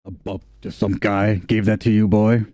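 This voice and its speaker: An ancient lizard wizard, huge and stern, rumbles out slow, gruff words and thoughtful hums, as a man puts him on. The voice sits low, and the tabletop game recording is close and dry. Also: level tone, dark tone, dry recording, close to an everyday voice.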